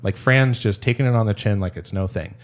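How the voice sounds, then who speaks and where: A man with a lowish voice recounts a story in a casual podcast conversation. He rambles, restarts his sentences and often breaks into laughter. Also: brisk. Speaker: storyteller guest.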